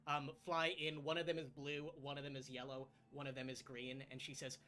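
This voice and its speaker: A man narrating as game master of a tabletop game in a relaxed, chatty way. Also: on the high side, brisk, hardly any pauses.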